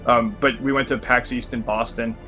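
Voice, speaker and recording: A man's voice: mid-range voice, little pitch movement, normal speed, bright, forceful tone, soft background music. A man with a Canadian accent, a game developer guest telling stories in casual interview chat. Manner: chatty storyteller, laughs easily.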